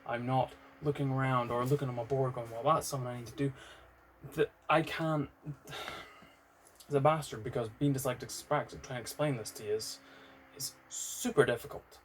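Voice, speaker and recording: A British man in an unscripted vlog, candid and rambling, swearing now and then. His voice sits at an ordinary middle pitch, with a faint hum of room noise behind him. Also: fairly even intonation, moderate pace. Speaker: vlogger. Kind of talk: unscripted personal vlog monologue.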